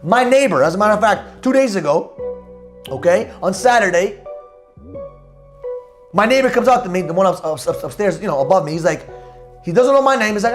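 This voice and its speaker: A man hosting a motivational podcast, talking in a loud, emphatic, preachy way about energy and confidence. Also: high voice, lively intonation, brisk, long pauses, soft background music. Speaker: podcast host.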